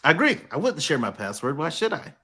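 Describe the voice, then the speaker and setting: Bright, high-voiced joking man. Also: big pitch swings, fast, breathy edge. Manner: laughs through his jokes, playful teasing. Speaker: podcast co-host. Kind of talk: casual chat.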